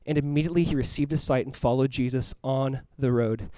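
A man preaching a sermon as pastor, animated, acting out voices and swinging from loud cries to hushed, earnest tones. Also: mid-range voice, brisk, slight background noise. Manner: animated, acts out voices of the crowd and the blind man.

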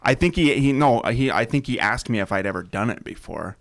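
A man's voice: medium pitch, expressive, brisk. A man in his forties, a podcast co-host joking around and swearing, laughing often in a casual chat. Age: 40s.

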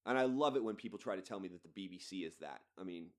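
A male podcast host delivers a solo rant in a fairly low voice. He is blunt and swears freely as he talks. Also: quick pace. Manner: profane, blunt and ranting.

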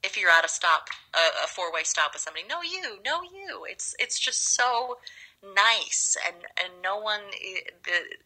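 A young woman from Los Angeles, a guest actress, telling animated stories in a casual interview. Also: lowish voice, low-quality recording. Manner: animated, drawn-out storytelling.

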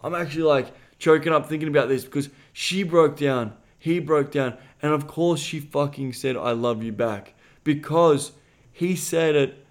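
A man hosting a podcast as a dating coach, swearing freely and retelling a client's story bluntly, jumping loud and high whenever he quotes himself.

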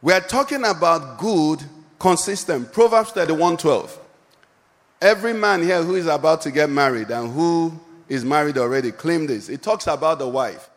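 A man's voice: fairly high pitch, lively intonation, moderate pace, big-room sound, faint music behind. A male pastor preaching a sermon and calling out questions for the congregation to answer. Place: church hall.

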